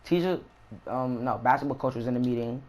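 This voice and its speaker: A young man casually telling a story about a school fight in slangy, animated street talk with swearing. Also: mid-range voice, brisk. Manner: slangy, animated retelling with profanity.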